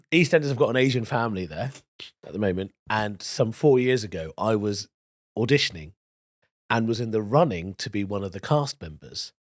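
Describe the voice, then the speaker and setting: A man's voice: fairly low pitch, expressive, normal speed, dry recording. A man from London with a middle-class British accent, hosting a podcast in playful, jokey casual chat. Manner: playful, jokey, slips into silly put-on voices. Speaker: podcast host.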